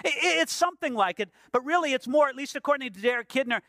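A man's voice: very high-pitched, animated, fast talker, fairly bright tone, dry recording, clean studio sound. A man preaching a sermon in an earnest, conversational way, asking his listeners questions as he goes. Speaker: pastor.

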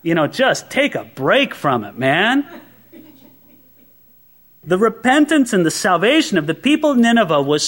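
A man preaching a sermon as a pastor, conversational and animated, with many rhetorical questions. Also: very high-pitched.

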